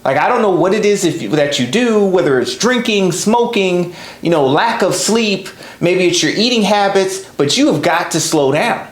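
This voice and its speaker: A man's voice: high-pitched, expressive, normal speed, few pauses, pitched above the performer's own voice. A man voicing a blunt male doctor who lectures urgently in a story he tells. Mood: stern. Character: blunt male doctor giving a stern warning. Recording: roomy echo.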